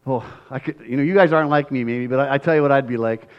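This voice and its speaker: A male pastor giving a conversational, animated sermon, often checking in with tag questions and acting out scenes. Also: medium pitch, fast, clear, resonant tone, highs cut off.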